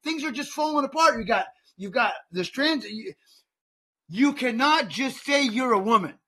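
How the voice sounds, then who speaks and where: A middle-aged man with an unusually high, bright voice rants on a political podcast. He sounds heated and fired up, and he stumbles over repeated words as he pushes his point. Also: animated, normal speed. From United States. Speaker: podcast host.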